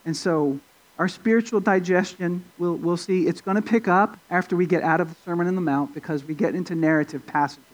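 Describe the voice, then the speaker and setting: A man's voice: brisk, rough recording. A male pastor preaching an expository sermon in a conversational way, with fillers and restarts, rising for emphasis. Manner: rises in pitch and volume for emphasis.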